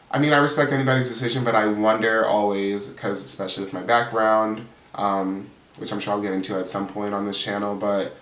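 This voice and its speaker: A man's voice: fairly low pitch, a bit bright. A man hosting his channel, recapping a reality show in a chatty, gossipy way full of "like.". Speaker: reality TV reviewer, channel host. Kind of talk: casual recap chat. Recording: roomy sound, distant mic.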